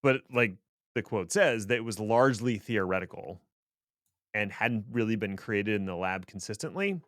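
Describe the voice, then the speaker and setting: A man's voice: lowish voice, moderate pace, a bit bright, no echo. A man co-hosting a tech podcast, explaining things casually with dry, sarcastic asides. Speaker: podcast co-host.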